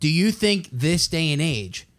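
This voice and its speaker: A man's voice: on the high side, big pitch swings, a little slow, a bit bright. A man co-hosting a podcast, chatting casually with a dry, teasing manner. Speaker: podcast co-host. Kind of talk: casual chat.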